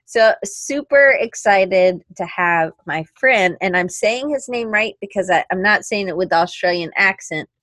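An effusive woman from the United States hosting a casual interview, talking warmly and at length. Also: mid-range voice, expressive, moderate pace, few pauses, no room sound. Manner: bubbly, effusive, talkative. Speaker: podcast host.

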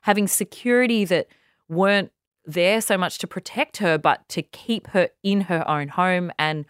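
A woman's voice: lowish voice, unhurried, smooth, no echo, studio quality. A woman co-hosting a casual podcast chat, earnestly retelling news in long lists. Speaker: podcast co-host.

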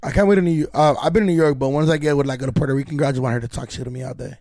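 A man's voice: mid-range voice, steady tone, racing, a little mellow, no echo, studio quality. A man co-hosting a podcast, chiming in with eager, agreeable slang-filled banter. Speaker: podcast co-host. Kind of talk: casual podcast chat.

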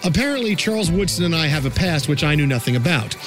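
High-voiced man telling a story. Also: fast, music in the background. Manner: animated storyteller, acts out quotes. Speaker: podcast co-host. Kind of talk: casual sports podcast chat.

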